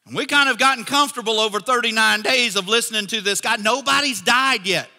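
A male pastor preaching in a church, animated as he acts out the people in his story. His voice sits high and sounds very bright and forward. The sound rings with a long hall reverb. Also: brisk, few pauses. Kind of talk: sermon.

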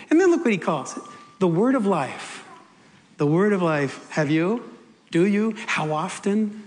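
A man's voice: sits high, very animated, measured pace, a little mellow. A man preaching a sermon, telling an emotional personal story and changing his pace for emphasis. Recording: long hall reverb with faint music.

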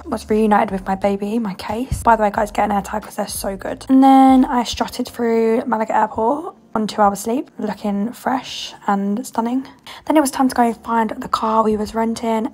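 A woman's voice: fairly high pitch, darkish tone, husky. A young woman with an English accent, chatting in a bubbly, rambling way as she vlogs a holiday. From England. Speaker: vlogger. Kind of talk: casual vlog chat.

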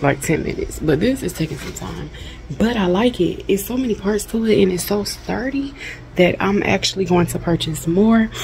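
A woman talks straight to camera in a casual home vlog, her voice gravelly with a bit of vocal fry. She sounds chatty but irritated and close to tears, venting while she works. A faint ambient hiss sits under her voice. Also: on the low side, darkish tone, low-quality recording. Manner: chatty, venting frustration while assembling furniture. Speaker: vlogger. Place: at home, indoors.

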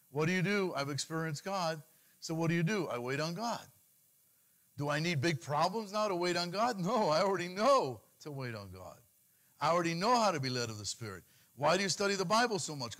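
A man preaching to his congregation in a voice that sits a little high. He fires questions at the room and answers them himself. He swells loud and high to drive a point home, then sinks low and quiet when he quotes scripture. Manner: preaching with call-and-response questions. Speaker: pastor. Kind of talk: sermon.

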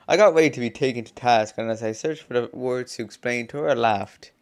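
The speaker is a young adult reading a visual novel aloud in a laid-back let's-play, breaking off to chat, laughing frequently and quietly swearing. Their medium-pitched voice moves a little fast and has a somewhat dark tone.

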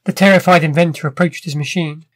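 A man narrating a classic short story in a measured, vivid first-person manner. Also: fairly high pitch, fairly even intonation, a little hiss or hum.

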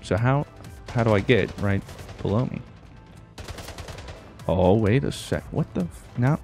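A man giving casual gameplay commentary as a YouTuber, excitable, yelping and talking to himself as he plays. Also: fairly low pitch, measured pace, creaky, soft background music. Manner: excitable, yelps and exclaims, talks to himself. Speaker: gaming YouTuber.

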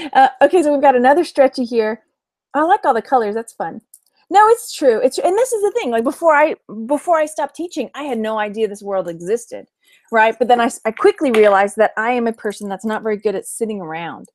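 Texan lady chatting on a live stream, laughs a lot, bit high voice, dry close mic. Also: darkish tone, dry recording. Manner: chatty, giggly, reads viewer comments aloud. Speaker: vlog host, reseller. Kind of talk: casual live-stream chat.

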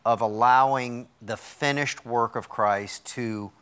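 A man's voice: mid-range voice, steady tone, takes it slowly, fairly bright tone, smooth. A male talk show host in a television studio, interviewing a guest and summing up his points for viewers. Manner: rephrases and sums up for viewers.

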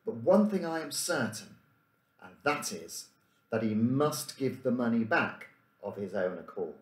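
A man's voice: mid-range voice, big pitch swings, measured pace. A prim, precise schoolboy leader who corrects everyone, as a man reads him aloud. His voice rises and falls with plenty of life, and it echoes in a roomy space. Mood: earnest. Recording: roomy room echo.

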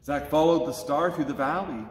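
A man reading a children's story aloud at a church service, with expressive, lively delivery in an echoey church. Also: fairly high pitch, moderate pace. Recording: echoey church with long reverb.

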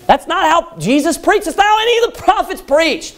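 A man preaching a Baptist sermon loudly and emphatically, repeating his points and rising to yelling. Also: very high voice, lively intonation, quick pace, few pauses. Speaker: pastor.

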